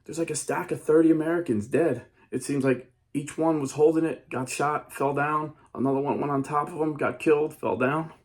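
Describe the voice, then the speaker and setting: A man's voice: on the high side, fairly even intonation, normal speed, few pauses, voice pushed up, lightly acted. A man voicing a ship's first mate who reports urgently in a strained, rising voice. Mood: shocked. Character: frightened young first mate, male.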